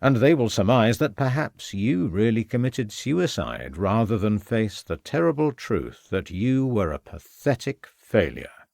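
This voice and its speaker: A man's voice: lowish voice, sing-song, unhurried, gravelly, darkish tone, dry recording, clean studio sound, full character voice. A man playing a sneering, gloating villain. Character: scheming, sneering murderous male villain.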